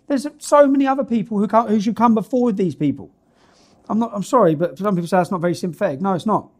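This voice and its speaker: A man's voice: high voice, fast talker, darkish tone. A man, reading news stories aloud and ranting about them in a blunt, indignant, slangy way.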